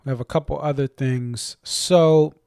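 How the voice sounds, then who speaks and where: A man's voice: mid-range voice, fairly even intonation, a little slow, dark tone, smooth, dry recording, clean studio sound. A man with a faint Boston accent, rambling and correcting himself as he hosts a casual live-stream chat. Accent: slight Boston. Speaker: stream host.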